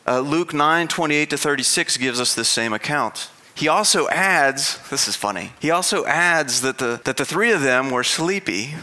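A man's voice: on the high side, lively intonation, normal speed, hardly any pauses, pushed and bright. A man preaching as a pastor, in an earnest, conversational sermon style with frequent restarts.

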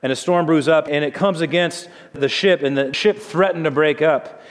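A man's voice: a little high, moderate pace. A male pastor preaching a sermon, telling the story in a conversational way with dramatic drops in his voice. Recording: long hall reverb.

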